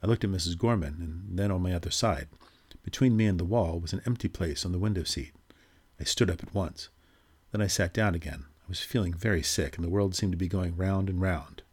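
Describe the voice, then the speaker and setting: A man reading a ghost story aloud in measured, steady narration. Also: deep voice, husky.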